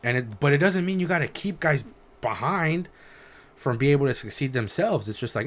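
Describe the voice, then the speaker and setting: A man's voice: mid-range voice, normal speed. A man telling work stories on a casual podcast, swearing freely and acting out the people he quotes. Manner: profane, animated storytelling, acting out quoted dialogue. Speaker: podcast co-host; welder.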